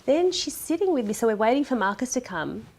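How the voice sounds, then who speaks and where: A woman's voice: fairly high pitch, fast talker. A woman telling a personal story as a podcast guest, acting out the voices she quotes and dropping to a near-whisper at hard moments. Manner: animated, acts out quoted voices.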